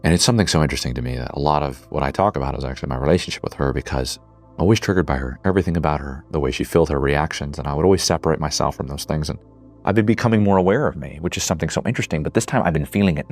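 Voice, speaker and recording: A man's voice: a bass voice, rapid-fire, faint music behind. A man in his twenties giving an earnest, reflective monologue, swearing casually at times. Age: 20s. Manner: earnest, builds to emotional intensity. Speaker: speaker.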